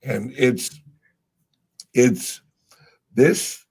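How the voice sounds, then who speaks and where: A podcast co-host chats casually, rambling through stories in a laid-back way, trailing off and swearing offhandedly. His mid-range voice is very slow and creaky, with a darkish, slightly rough tone.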